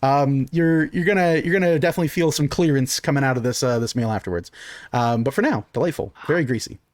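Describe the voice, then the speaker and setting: A man's voice: medium pitch, quick pace, no echo, studio quality. A man narrating as game master in a loose, rambling way with many fillers.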